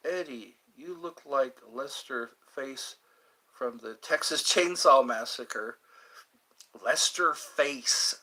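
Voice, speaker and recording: Speaking slowly in a mid-range voice, a man runs a laid-back livestream where he wanders between topics and reads out viewer comments before replying. His tone is bright and forceful.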